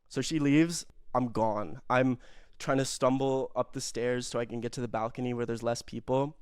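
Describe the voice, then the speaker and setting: A man's voice: medium pitch, fairly even intonation, moderate pace, darkish tone, clean tone, no echo, clean studio sound. A young man telling a rambling, self-mocking story in casual chat, full of fillers and swearing.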